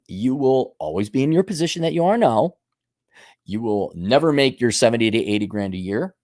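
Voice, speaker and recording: A man's voice: mid-range voice, warm tone, dry recording, studio quality. Man, blunt ranting host, scolding tone, swoops up and down a lot, mocks excuses. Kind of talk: ranting monologue.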